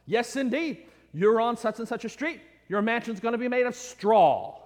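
A man preacher voicing Saint Peter as a calm, amused heavenly gatekeeper. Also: extremely high pitch, normal speed, big-room sound. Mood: genial.

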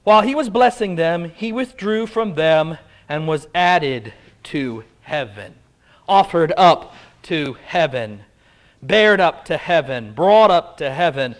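A man with a high voice delivers a sermon in a loose, conversational way. He keeps it playful and throws questions out to the people in front of him. He sounds like a pastor speaking to a congregation in a church. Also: expressive, slow pace. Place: church before a live congregation.

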